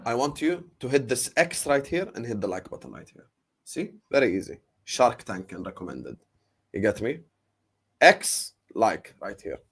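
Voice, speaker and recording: A man hosting a football fan livestream, excitable and laughing as he trash-talks rivals and banters with chat. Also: medium pitch, normal speed, slightly rough, no echo.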